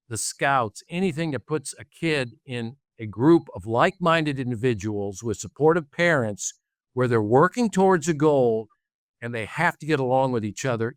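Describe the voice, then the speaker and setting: Middle-aged guy guesting on an interview, earnest, dry close sound, mid pitch. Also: fairly bright tone, clean tone, no echo. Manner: earnest, lists examples, quick laughs. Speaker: author and guest. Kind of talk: interview conversation.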